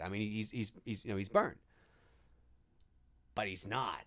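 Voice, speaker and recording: A man hosting a live movie commentary, talking in an animated, enthusiastic and rambling way. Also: a little high, moderate pace. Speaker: host.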